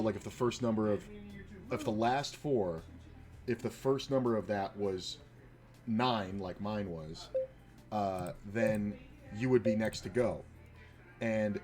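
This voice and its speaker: A man's voice: fairly low pitch, darkish tone. A man, a poker player and former dealer, telling rambling, profane stories full of fillers while he plays online poker. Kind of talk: casual storytelling while playing online poker.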